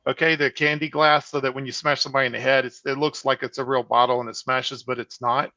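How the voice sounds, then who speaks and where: A man's voice: mid-range voice, fast talker, dry recording. A man, a horror film director, telling casual, profane stories as a guest on a video call, with lots of fillers. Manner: animated, swears freely, many fillers. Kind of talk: casual anecdotal storytelling. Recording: dull, muffled call audio.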